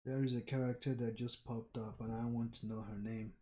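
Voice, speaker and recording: A man reading a comic aloud with live commentary. He thinks out loud and often repeats his phrases. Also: medium pitch, flat delivery, fairly quick. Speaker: manga reaction streamer.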